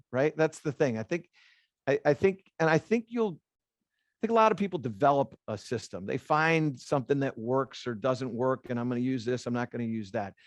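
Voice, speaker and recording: A middle-aged man, a golf instructor, speaking to a room of golf teachers as an animated storyteller who repeats phrases for emphasis. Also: mid-range voice, dry recording, clean studio sound.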